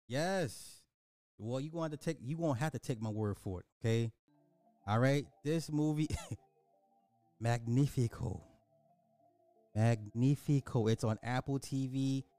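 A man's voice: medium pitch, dark tone, no room sound. A man casually reviewing a movie on a stream, talking emphatically and repeating his points for effect.

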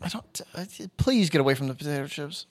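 A young man co-hosting a podcast, his voice sitting a bit high for a man. He chats loosely and keeps needling his friend with crude, mocking jabs. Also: expressive, fast. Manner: profane, needling banter. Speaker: podcast co-host. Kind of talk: casual chat.

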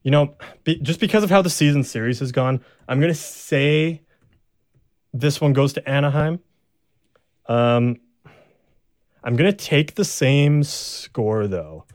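A young man co-hosting a sports podcast in casual chat, relaxed and halting with many fillers and restarts. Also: a little high, no room sound, clean studio sound.

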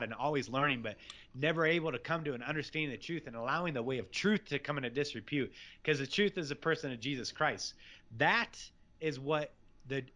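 A man's voice: on the high side, bright, forceful tone. A man speaking as a guest, giving fervent, preachy religious commentary that is packed with scripture. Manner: fervent, preachy, rapid scripture-laden rants.

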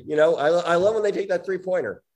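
A man's voice: sits high, quick pace, a little mellow. A man co-hosting a podcast, joking and teasing in casual chat. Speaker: podcast co-host.

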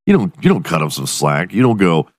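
Deep-voiced man on a profane rant. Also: huge pitch swings, fairly quick, no echo, studio quality. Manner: profane, ranting, self-mocking. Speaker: podcast host. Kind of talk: solo comedic rant. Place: alone in his room.

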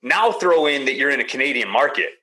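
A man's voice: mid-range voice, expressive, fast, pushed and bright, poor audio. A man and former pro hockey player, a podcast guest who speaks earnestly and often restarts his words. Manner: earnest, repeats words as he searches for them. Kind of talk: casual podcast chat.

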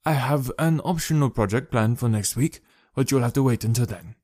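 A man's voice: mid-range voice, a little fast, a little mellow, no echo, studio quality, voice pushed up, lightly acted. A man voicing a kindly male professor.

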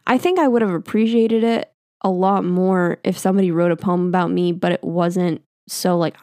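A woman's voice: fairly low pitch, moderate pace, a little mellow, dry recording, studio quality. A young woman telling a personal story in a casual, chatty way, full of "like" and the odd swear word. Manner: chatty, filler-heavy with lots of "like", casual swearing.

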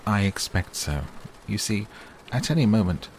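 Pompous storybook owl, read by a man, deep and gravelly, faint rain. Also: moderate pace. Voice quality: pompous, long-winded. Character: pompous wordy old male owl. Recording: faint rain noise behind.

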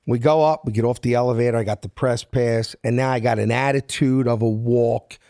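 A man's voice: mid-range voice, steady tone, fairly quick, warm tone, no echo, studio quality. A middle-aged man from South Philadelphia with a Philly accent, telling a story and acting out each person in it in street-smart talk. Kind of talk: animated storytelling.

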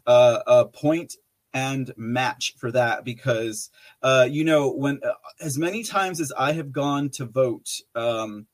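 A man's voice: medium pitch, takes it slowly. A man hosting a live podcast stream, chatting loosely with viewers, reading their messages aloud, with lots of fillers and restarts. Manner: rambling with many fillers and restarts, laughs often, reads chat messages aloud. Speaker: livestream podcast host. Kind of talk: casual live-chat talk.

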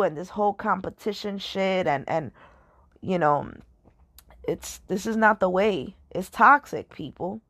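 A woman's voice: fairly low pitch, lively intonation, measured pace, dry recording. Woman vlogger, emphatic casual monologue, repetitive check-ins, dry mic. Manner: emphatic, repetitive, keeps asking if listeners understand.

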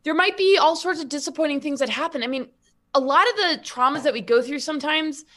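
A woman's voice: high voice, fast, fairly bright tone, a little hiss or hum. A woman guest in casual spiritual conversation, rambling with many restarts and filler words.

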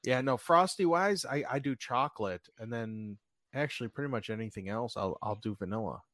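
A man's voice: medium pitch, normal speed, fairly bright tone, dry recording, studio quality. Laid-back man in casual chat. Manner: laid-back, laughs often. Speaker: podcast co-host.

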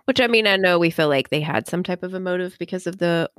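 A woman's voice: on the low side, quick pace, fairly bright tone, dry recording, clean studio sound. A young woman co-hosting a casual true-crime podcast, chatty and earnest, with lots of "like". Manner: chatty, earnest, says "like" often. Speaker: podcast co-host.

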